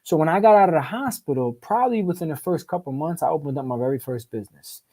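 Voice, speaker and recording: Man guest, rapid-fire street-slang storyteller, swears a lot, keeps saying right. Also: on the high side, lively intonation, warm tone. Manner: repeats and restarts words in quick bursts. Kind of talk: casual storytelling interview.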